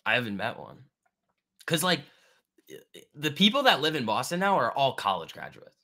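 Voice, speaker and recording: A man's voice: medium pitch, huge pitch swings, moderate pace, vocal fry, bright, forceful tone. A man hosting a trading livestream, talking casually and slangily while reading and answering chat.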